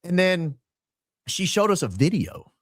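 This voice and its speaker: A man's voice: sits high, big pitch swings, measured pace, no echo, studio quality. A man in his forties, a podcaster and former radio host, chatting animatedly as an interview guest, telling stories with frequent restarts. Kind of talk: casual interview talk.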